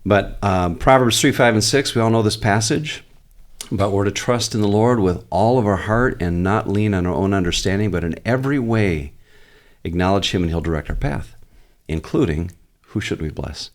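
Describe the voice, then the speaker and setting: Male pastor, deep voice, earnest teacher on a church podcast. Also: moderate pace. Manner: earnest, teaching, quotes prayers aloud. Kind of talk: podcast guest explaining.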